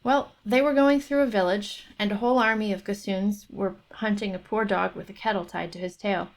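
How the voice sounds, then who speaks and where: A woman's voice: medium pitch, steady tone, fairly quick. A woman reading a folk tale aloud for her book club stream, stopping for chatty asides. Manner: chatty, thinks aloud between passages.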